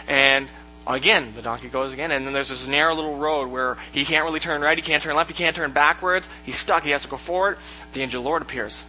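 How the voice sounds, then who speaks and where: A man teaching a casual Bible lesson, retelling the story in a joking, animated way and acting out the characters' lines. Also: on the high side, low-quality recording.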